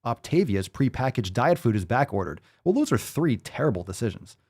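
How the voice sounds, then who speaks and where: A podcast host lays into whatever he is reading with sarcastic, profane commentary. His voice is mid-pitched but swings widely as he mocks and emphasizes, shifting from flat muttering to sudden jabs. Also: a little fast, husky.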